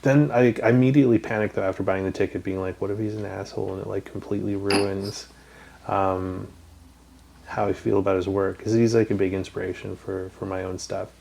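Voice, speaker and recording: Gravelly Canadian man telling rambling stories. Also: sits low, flat delivery, fairly quick, a little mellow. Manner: rambling storyteller, swears freely, many ums. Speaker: podcast host. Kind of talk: casual chat.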